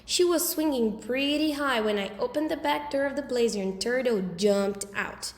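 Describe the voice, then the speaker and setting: A woman reading a children's story aloud in a lively, expressive way. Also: sits high, normal speed. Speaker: audiobook reader. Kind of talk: storybook narration. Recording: roomy with long reverb.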